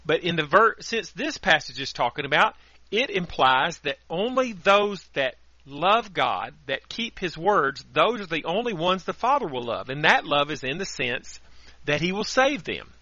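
Earnest radio preacher, bright lo-fi voice. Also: male voice, on the high side, normal speed, no room sound. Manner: earnest, steady preaching with scripture readings. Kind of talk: radio sermon. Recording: dry, dull lo-fi radio audio.

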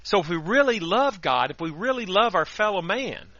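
A man hosting a Sunday night radio program, giving an earnest, steady sermon with scripture readings. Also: sits high, normal speed, no echo. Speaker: radio preacher and host. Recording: dry, dull lo-fi radio audio.

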